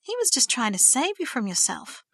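An upset young woman, given to sharp outbursts and quiet, trembling questions, as a woman narrator voices her. The voice is bright and recorded close and dry. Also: on the high side, very animated, moderate pace, husky, no room sound, full character voice. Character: hurt, angry young woman.

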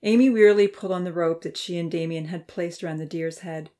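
A woman reading a children's novel aloud in a steady, measured narration. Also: on the low side. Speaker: audiobook narrator. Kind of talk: storybook narration.

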